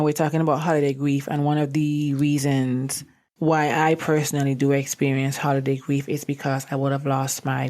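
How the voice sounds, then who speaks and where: A young woman with a low voice hosts her own podcast in a somber, reflective monologue. Her talk is personal and openly emotional, and she sounds close to tears. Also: a little mellow. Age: young adult. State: teary. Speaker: podcast host.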